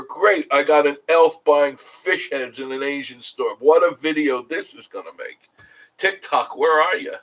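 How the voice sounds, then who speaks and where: A man's voice: fairly high pitch, a little slow, a bit bright, rough recording. A middle-aged man hosting a casual live stream, rambling and chuckling as he answers viewer comments.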